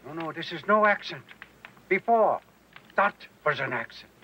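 A sly old German-accented professor. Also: male voice, on the high side, animated, moderate pace, muffled recording, slight background noise. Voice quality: accented, mocking. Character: old male ex-Nazi professor, sly murderer.

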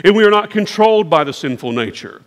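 A man's voice: high-pitched, big pitch swings, quick pace. A man preaching a sermon as pastor, with an emphatic, repetitive preaching cadence. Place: large church sanctuary. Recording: long church reverb.

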